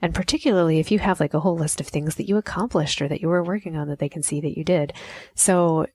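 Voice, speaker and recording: Low-voiced woman podcast host, chatty. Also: fairly even intonation, quick pace, warm tone. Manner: chatty and reflective, often acting out quoted lines. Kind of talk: casual solo podcast talk.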